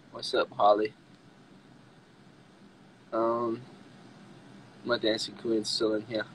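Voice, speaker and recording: A young man hosting a casual livestream with fans from home on a phone, chatty and excitable, often breaking into squeals and laughs. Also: medium pitch, slight background noise, low-quality recording. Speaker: livestream host talking with fans.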